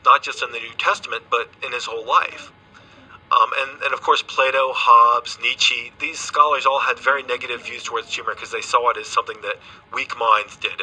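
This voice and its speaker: Man as a radio guest expert, hesitant and patient, bright, husky tone. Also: mid-range voice, steady tone, moderate pace, poor audio. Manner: hesitant, restarts phrases, explains patiently. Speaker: guest scientist. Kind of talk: radio interview. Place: remote studio.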